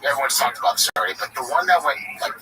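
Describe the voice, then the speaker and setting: A man chatting casually as a co-host, with quick, easygoing replies. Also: mid-range voice, very animated. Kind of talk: casual chat. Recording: distant mic with background noise.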